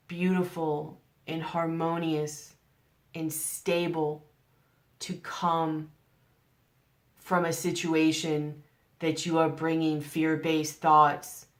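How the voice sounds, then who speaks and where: A woman giving a general tarot reading to camera, earnest and coaxing, asking the listener one rhetorical question after another. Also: low voice. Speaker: tarot reader.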